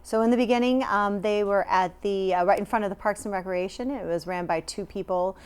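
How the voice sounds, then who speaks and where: A woman from California who manages a farmers' market, talking casually in an interview with a quick, bubbly manner and lots of "um". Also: medium pitch, clean tone.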